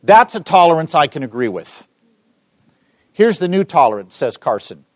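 Brief: middle-aged man, bright-ish tenor, dry close mic, funny storyteller at a lecture Q&A. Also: a little high, normal speed, no room sound. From Los Angeles. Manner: joking, lively storyteller. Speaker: speaker answering audience questions. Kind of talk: public talk with Q&A.

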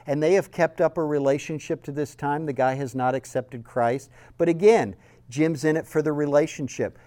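Speaking with a Southern accent, a man gives a sermon-style teaching talk, telling earnest stories. His slightly high voice moves at normal speed and swings between loud emphasis and soft, quiet lines.

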